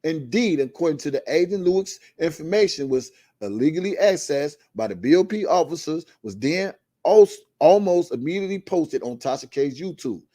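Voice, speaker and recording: A man's voice: a little high, lively intonation, mellow, no echo, studio quality. A male show host reads a court filing aloud and adds his own commentary in an emphatic way, returning again and again to a repeated catchphrase. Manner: emphatic, repeats a catchphrase refrain, drawn-out stresses. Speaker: host of a live online show.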